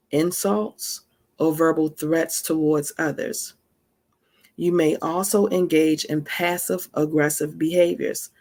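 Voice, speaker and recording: Woman, gravelly and husky, chatty teacher who keeps checking in with listeners. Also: low voice, darkish tone. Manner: conversational, addresses listeners directly with frequent asides; emphatic, laughs between points. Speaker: spiritual teacher. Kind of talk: casual teaching talk.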